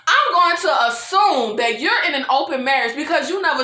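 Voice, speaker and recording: A woman's voice: high-pitched, animated, a little fast, pushed and bright, echoey room. A woman vlogger recapping a TV episode in a casual, exasperated rant, calling her viewers "y'all", swearing and laughing between lines. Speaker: TV review vlogger.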